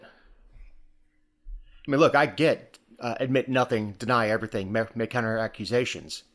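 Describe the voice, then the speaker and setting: A man's voice: medium pitch, animated, moderate pace, a bit bright. Wry man co-hosting a news podcast. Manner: dry, wry asides, repeats words when thinking. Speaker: podcast co-host. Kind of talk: casual news chat.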